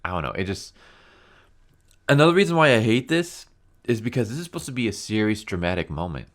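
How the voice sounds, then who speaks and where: Low-voiced man ranting about comics. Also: big pitch swings, a little fast. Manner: exasperated, blunt, lots of "like" and "you know". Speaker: comic book reviewer. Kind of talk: casual ranting review.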